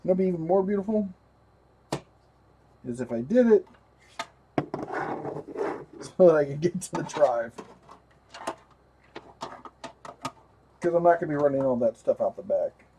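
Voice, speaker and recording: A man's voice: a little high, animated, a little slow, pauses often, mellow, a little hiss or hum. A man hosting a livestream while rebuilding a computer, chatting casually, talking to his parts and his dog. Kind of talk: casual live tech narration.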